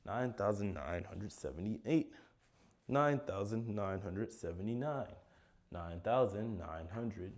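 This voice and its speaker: A man's voice: on the low side, expressive, takes it slowly. A man counting numbers aloud for a sleep video, tired and plodding, with sighs and occasional slips. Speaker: content creator.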